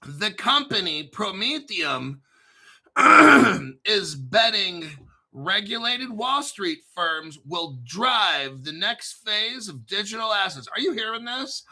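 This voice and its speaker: A man's voice: high-pitched, expressive, measured pace, pushed and bright. A man hosting casual crypto commentary, swearing freely and bantering back and forth with himself.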